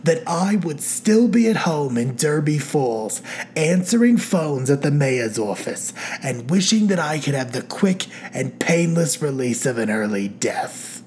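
A woman's voice: low-pitched, expressive, unhurried, a little mellow, slight background noise. A woman voicing a dramatic, theatrical woman friend with a sweeping manner. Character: theatrical grand woman friend in kimono cardigan.

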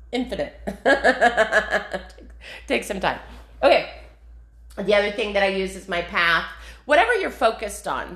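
In a reverberant recording, a woman with a mid-range, somewhat bright voice walks through her meditation practice out loud. This spiritual vlogger is casual, chatty and rambling, laughing often and using plenty of fillers.

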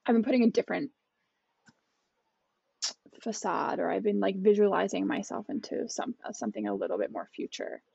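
A woman with a gravelly, heavily fried, husky voice talks frankly about herself, often restarting her sentences. The sound is dull, lo-fi and dry. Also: medium pitch, sing-song, brisk, pauses often, a little mellow, no room sound. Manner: candid, self-reflective, trails off and restarts. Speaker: culture expert, podcast co-host. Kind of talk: casual podcast chat.

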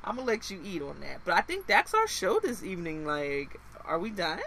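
A woman co-hosting a podcast, ranting casually in a blunt, profane, animated way. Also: lowish voice, a little fast, a crowd in the background. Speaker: podcast co-host.

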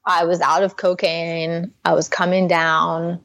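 A woman's voice: fairly low pitch, flat delivery, a little slow, a bit bright, no room sound. A young adult woman, a Christian life coach, earnestly telling her personal recovery story as a podcast guest, full of "like" fillers.

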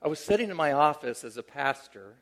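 A middle-aged man preaching as a pastor, with a somewhat higher voice than most men. He tells his story conversationally, pressing some points with energy and dropping others to a soft, tender hush. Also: fairly quick. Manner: conversational, moving between animated emphasis and hushed, tender delivery. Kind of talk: sermon with personal storytelling.

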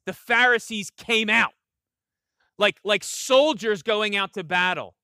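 High bright-voiced man preaching earnestly. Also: slow, clean tone, dry recording, clean studio sound. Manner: earnest, emphatic preaching with frequent restarts and "right?" asides. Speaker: pastor. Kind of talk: sermon.

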